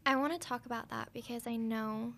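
A woman's voice: a little high, steady tone, brisk, a bit bright. A young woman co-hosting a podcast, chatting in a friendly, giggly way. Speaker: podcast co-host. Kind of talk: casual podcast chat.

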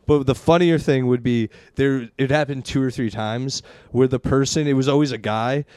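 A man's voice: mid-range voice, moderate pace, darkish tone, no room sound. Laughing man telling stories on a podcast. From from Connecticut area. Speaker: podcast host. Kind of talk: casual comedy chat.

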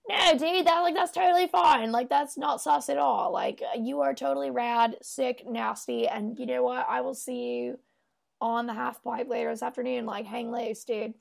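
Lady doing a chill frat bro, way up high, slangy and breezy, kinda raspy. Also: steady tone, moderate pace. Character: laid-back young male surfer frat dude.

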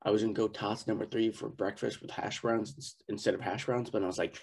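A man's voice: lowish voice, steady tone, fast, vocal fry, background noise. A man co-hosting a podcast in casual chat, playfully indignant and emphatic, swearing now and then. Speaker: podcast co-host.

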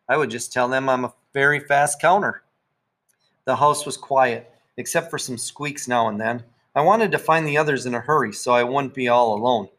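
A man's voice: medium pitch, a bit bright. A young man reading a first-person children's chapter book aloud as its narrator. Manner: first-person storytelling, lifting his voice for the children's lines. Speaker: audiobook narrator.

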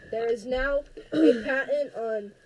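A woman's voice: high-pitched, unhurried, a little mellow, low-quality recording. A young woman co-hosting a podcast, playful and giggly in casual chat. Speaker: podcast co-host.

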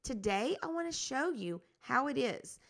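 A woman's voice: sits high, big pitch swings, a little slow, creaky, a bit bright. A woman hosting her own gardening podcast, talking in an upbeat, encouraging, conversational way. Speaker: podcast host and garden coach. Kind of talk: casual podcast talk.

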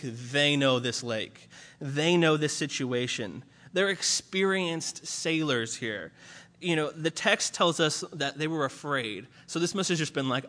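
A man preaching a conversational sermon, casual and animated with many fillers. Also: fairly high pitch, in a large hall.

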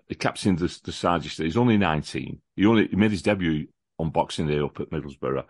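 A man with a deep, low voice talks casually about football as a podcast guest. He is enthusiastic and chatty, often restarting and repeating words. The sound is dry, with no room echo. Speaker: podcast guest, lifelong fan of the visiting football club. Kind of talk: casual chat, football preview.

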